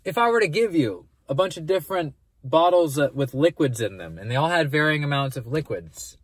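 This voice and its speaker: A man's voice: on the high side, fairly quick, slightly rough, dry recording. A man who is a math teacher explaining averages in a casual, conversational lesson, often rephrasing and breaking off mid-sentence. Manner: conversational, animated, self-interrupting.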